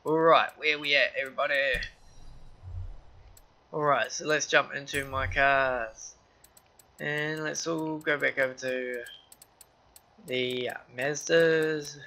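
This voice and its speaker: Bright-voiced casual gaming guy. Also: a little high, steady tone, slow, creaky, pauses often. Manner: loose, rambling car-enthusiast talk with slang. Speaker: gaming channel host. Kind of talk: casual game walkthrough.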